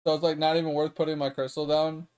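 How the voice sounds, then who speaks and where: A man's voice: fairly high pitch, level tone, quick pace, a little mellow, clear, resonant tone. A young man streaming a game, ranting in a heated, profane, exasperated way. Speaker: gaming streamer. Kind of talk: casual ranting commentary.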